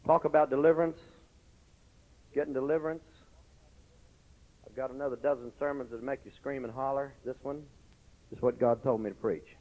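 A man preaching a lively sermon as pastor, breaking into shouted exclamations between stories and scripture reading. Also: mid-range voice. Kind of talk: Pentecostal-style sermon. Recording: lo-fi recording.

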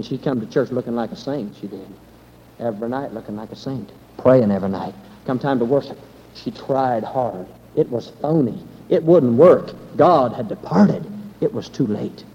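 A man preaching a fiery revival sermon as pastor, swinging from hushed storytelling to loud, emphatic warnings. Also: mid-range voice, in a large hall. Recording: dull lo-fi recording with faint hiss.

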